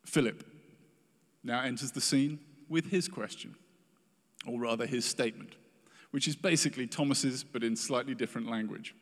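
A man's voice: medium pitch, moderate pace, pauses often. Earnest male preacher in a reverberant hall. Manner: earnest, emphatic, acts out quoted prayers. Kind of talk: sermon.

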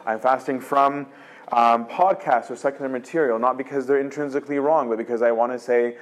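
A man's voice: mid-range voice, fairly even intonation, a little fast, a little hiss or hum. A man giving an informal religious lecture, talking casually and with animation, full of fillers and "right?" tags. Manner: acts out quoted voices of God and the soul. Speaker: lecturer on spiritual life.

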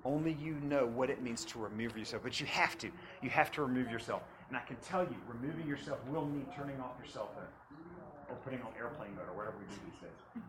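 A man preaching a sermon to students, swinging from loud preaching to hushed asides and repeating phrases for emphasis. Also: mid-range voice, fast, noisy background.

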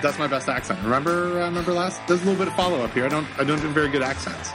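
A man co-hosting a podcast in casual chat, joking and halting with many restarts. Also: a little high, music in the background. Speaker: podcast co-host.

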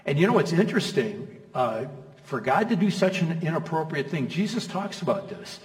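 A middle-aged pastor with a fairly high, expressive voice preaches at a moderate pace in a relaxed, chatty style. He stacks up rhetorical questions and checks in with the congregation using "okay?" and "you know?" The mic sits far off in an echoey hall.

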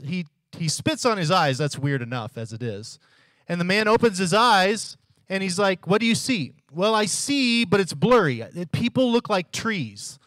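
A man's voice: fairly high pitch, fairly bright tone, no echo. A male pastor preaching a sermon in a conversational teaching manner, repeating his questions for emphasis and briefly acting out the Bible's dialogue.

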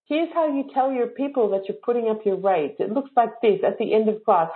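A woman's voice: fairly high pitch, a little fast, few pauses. A woman coaching yoga teachers in a live online workshop, casual, playful and frank, teasing her listeners. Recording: tinny phone-like sound.

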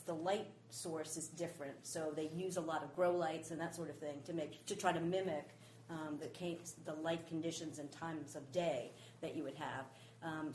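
Woman guest, low voice, patient explainer, roomy sound. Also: a little hiss or hum. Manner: explains with many "um"s, steady. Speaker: guest, space horticulture speaker. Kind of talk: casual explanatory chat. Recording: echoey room.

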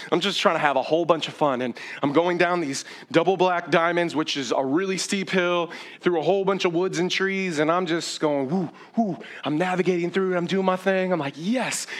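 A man's voice: on the high side, fairly bright tone. Casual, emotional man preaching a sermon. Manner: conversational, full of "like" fillers, emotional storytelling. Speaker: pastor.

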